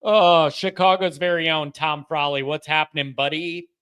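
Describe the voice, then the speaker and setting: A man's voice: a little high, fairly even intonation, moderate pace, fairly bright tone, smooth. A man hosting a call-in show, chatting casually and frankly, often saying "man".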